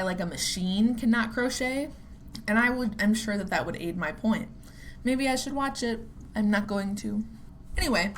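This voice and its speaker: A woman's voice: mid-range voice, a bit bright, a little hiss or hum. A young adult woman hosting her own podcast, musing casually in a rambling way, full of "like" fillers, swearing and self-deprecating asides. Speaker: podcast host.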